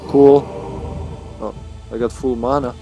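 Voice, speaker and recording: A man's voice: mid-range voice, steady tone, a little slow, music in the background, poor audio. A man casually commenting while he plays a video game live, thinking aloud and greeting his viewers.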